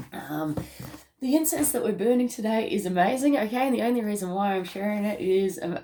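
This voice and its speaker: A woman's voice: fairly high pitch, darkish tone. An Australian woman giving a tarot reading to camera in a rambling, upbeat way, often laughing and calling listeners mate. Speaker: tarot reader.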